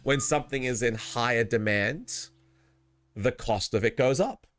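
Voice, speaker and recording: A man's voice: mid-range voice, measured pace, fairly bright tone, faint music behind. A young man streaming live, chatting casually with his viewers, joking, laughing a lot and swearing freely.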